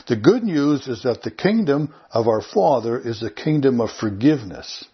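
A man's voice: mid-range voice, sing-song, normal speed, husky, dull audio. A man preaching a sermon in an earnest, conversational way, lifting his voice on key phrases. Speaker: pastor.

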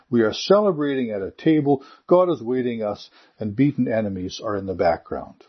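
A male pastor speaks in a breathy, slightly raspy voice at an ordinary pitch. He preaches and prays in an earnest, measured way. The recording sounds dull and lo-fi. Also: animated. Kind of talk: sermon.

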